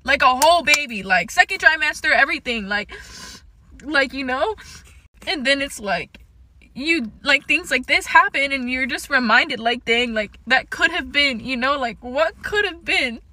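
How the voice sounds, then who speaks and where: A woman's voice: sits high, expressive, unhurried, sharp tone, no echo. A young woman in a confessional vlog, tearful and shaky, rambling with many fillers and swear words. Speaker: vlogger.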